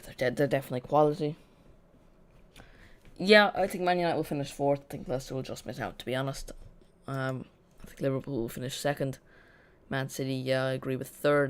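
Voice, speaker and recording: A watch-along host giving casual live football chat, rambling and correcting themself, with dry sarcastic asides. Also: medium pitch.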